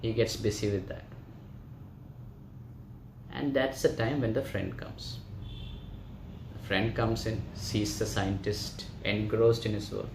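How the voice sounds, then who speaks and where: A man's voice: lowish voice, steady tone, slow pace, vocal fry, pauses often, noisy background. Man telling a story to a class. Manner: chatty, asks the class "right?" often. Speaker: yoga teacher. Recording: roomy echo.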